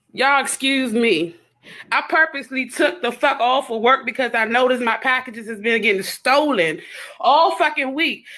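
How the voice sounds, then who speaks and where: A furious woman ranting into her phone on a live video, swearing freely and sounding thoroughly exasperated. Her voice sits high and comes across bright and sharp.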